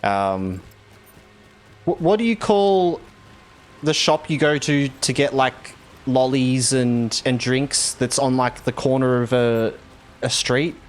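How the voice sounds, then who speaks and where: A man's voice: medium pitch, animated, takes it slowly, faint music behind. Chatty Australian man streaming a game. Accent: Australian, Victorian. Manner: rambling, chatty, laughs easily. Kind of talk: casual stream chat with viewers.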